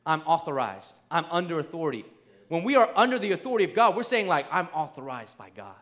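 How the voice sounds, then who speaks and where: A man preaching a sermon in a conversational, emphatic way, often checking in with "right?" and building to near shouts. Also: a little high, very animated, fast. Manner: conversational, asks the crowd "right?".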